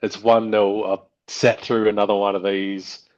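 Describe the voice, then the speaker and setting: A man's voice: lowish voice, little pitch movement, moderate pace, a little mellow. A man hosting a podcast and chatting casually, with an easy laugh. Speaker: podcast host. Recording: dull lo-fi audio.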